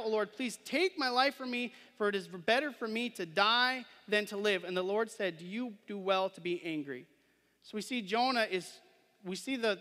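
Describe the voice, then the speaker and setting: This preacher's voice sits high with a sharp tone, echoing with long reverb through a church sanctuary. He reads from scripture, explains it in a conversational way, and frequently asks the listeners questions, adding "right?"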